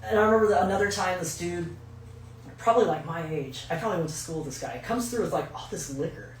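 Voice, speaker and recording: A woman's voice: on the low side, fast talker, a little hiss or hum. A woman co-hosting a podcast, telling a story in casual chat with lots of swearing, acting out the people she quotes. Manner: animated, profane, acts out quoted voices. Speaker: podcast co-host. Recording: echoey room from far off mic, faint ambience.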